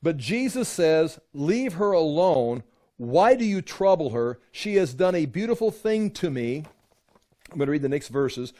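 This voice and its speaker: A man leads a Bible study in an informal, animated way. His voice sits a little high, and he acts out the people he quotes, with his pitch climbing as they grow indignant. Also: measured pace. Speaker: Bible teacher.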